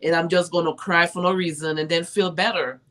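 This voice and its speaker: A woman's voice: on the low side, steady tone, brisk, a bit bright, a little hiss or hum. A woman talking casually and reflectively about her spiritual practices, with many fillers. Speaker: podcast co-host. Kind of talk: casual conversation.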